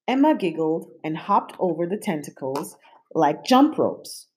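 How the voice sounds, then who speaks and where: A woman reading a children's picture book aloud in a playful, animated way. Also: low-pitched, measured pace. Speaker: storybook reader.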